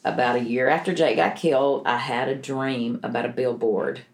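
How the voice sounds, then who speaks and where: A woman's voice: a bass voice, fairly even intonation, normal speed. Earnest middle-aged woman telling her story. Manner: earnest, emotional storytelling with many restarts. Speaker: interview guest. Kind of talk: personal testimony in conversation.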